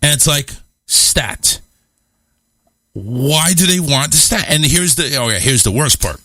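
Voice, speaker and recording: A man with a bright, forward voice tells a rambling, self-mocking story in casual talk-show chat. He swears freely and keeps things lively. His voice sounds close and dry. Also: a little high, a little slow, no echo. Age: adult, married. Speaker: radio show host.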